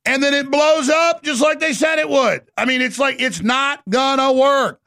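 A man hosting a political talk show, ranting loudly and mocking people with put-on voices. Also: very high voice, normal speed, dry recording, studio quality. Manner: gravelly, shouting, mocking impressions.

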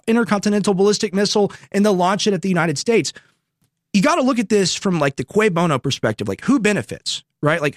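A man hosts an opinionated political talk show, sarcastic and loose as he reads posts aloud and adds asides. His voice sits somewhat high. The sound is dry, without any room echo. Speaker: political commentary host.

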